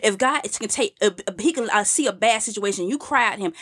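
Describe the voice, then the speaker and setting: A woman's voice: medium pitch, a little fast, fairly bright tone, breathy edge. A woman leading a casual Bible study with a co-host, talking earnestly and acting out the scripture passages with feeling. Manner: earnest, conversational, acts out the scripture quotes with feeling.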